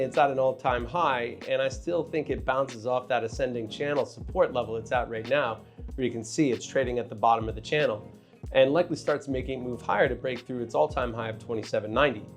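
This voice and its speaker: A man's voice: medium pitch, gravelly, darkish tone. A man hosting his own finance channel, giving casual market commentary to camera with candid, joking asides to viewers. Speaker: finance video host and trader.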